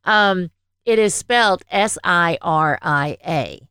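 A woman's voice: fairly low pitch, animated, slow pace, bright, forceful tone, clean tone, no echo, studio quality. A woman with a Southern accent, co-hosting a podcast in a rambling, chatty way full of fillers. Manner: rambling, lots of fillers and laughs. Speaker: podcast co-host. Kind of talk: casual chat. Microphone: headphones on, own mic.

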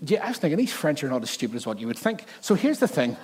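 A man preaching a sermon, telling funny stories in an animated, jokey way and interrupting himself often. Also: a little high, fast talker, husky, long reverb tail. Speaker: pastor. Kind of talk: sermon with humorous storytelling.

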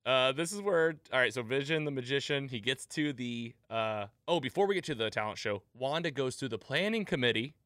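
A man's voice: mid-range voice, expressive, brisk, few pauses, a bit bright, no room sound, clean studio sound. A man hosting a podcast, animatedly retelling a TV episode in casual chat and laughing at the jokes. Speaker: podcast host.

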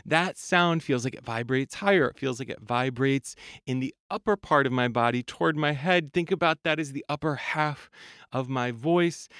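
Animated male voice coach, crisp dry sound. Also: medium pitch, no echo. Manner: animated, demonstrates singing registers, laughs often. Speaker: voice coach and podcast host. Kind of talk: solo podcast teaching.

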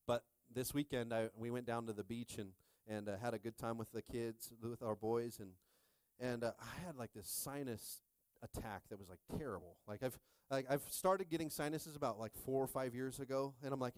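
Pastor, 30s, male, animated and jokey sermon delivery, close dry mic. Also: medium pitch, normal speed, dry recording. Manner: animated, jokey preaching with call-and-response.

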